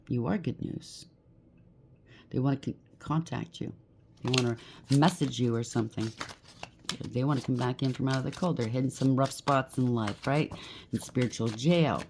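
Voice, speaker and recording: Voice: mid-range voice, noisy background. A tarot reader giving a collective reading, blunt and emphatic, rattling off lists of traits and often checking in with "okay?".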